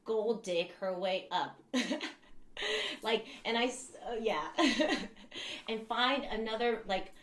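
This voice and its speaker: A woman's voice: a little high, unhurried, few pauses. A young woman vlogger chatting casually to her viewers, candid and rambling, swearing freely and laughing as she talks. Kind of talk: casual chat to camera. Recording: echoey room.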